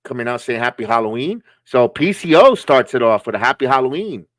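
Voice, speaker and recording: A man's voice: medium pitch, sing-song, a little fast, a bit bright, no echo. Laughing man reacting live on stream. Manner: chatty, reacting with laughs and jokes. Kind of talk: casual wrestling watch-along commentary.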